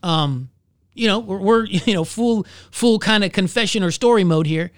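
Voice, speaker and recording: A man who is a pastor, telling his own story in an earnest, halting way and searching for his words. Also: sits high, dry recording, studio quality. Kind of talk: candid personal testimony in conversation.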